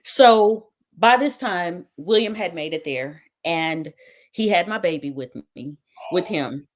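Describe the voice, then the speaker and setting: A talk show host shares her own ordeal as personal testimony in a somewhat low voice, moving slowly with lively intonation. She retells it dramatically, acting out the things people said to her.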